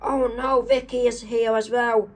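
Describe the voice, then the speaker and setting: A man's voice: very high voice, level tone, measured pace, voice pushed up. A worried, shy young girl, as a man reading a comic puts her on who speaks anxiously. The voice is raised well above the reader's own. It is a homemade storybook reading.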